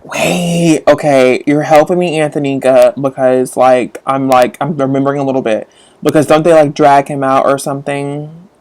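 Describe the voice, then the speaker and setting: Talking books in a relaxed live chat, a woman with a deep voice rambles and raves to her audience at a normal speed. Her excitement bursts out in sudden high squeals.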